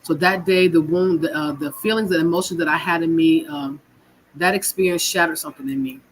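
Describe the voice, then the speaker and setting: A Californian woman recounts her own story, raw, frank and emotional, swearing and repeating her words as a guest. Her low voice holds a steady tone at a slightly fast pace. The low-quality recording has a little hiss or hum.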